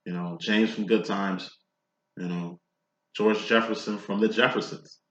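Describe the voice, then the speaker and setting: A man's voice: on the low side, a little slow, echoey room, muffled recording. Profane, streetwise man reading tarot cards. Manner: profane, streetwise, preachy and animated. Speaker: tarot reader. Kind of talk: casual spoken tarot reading.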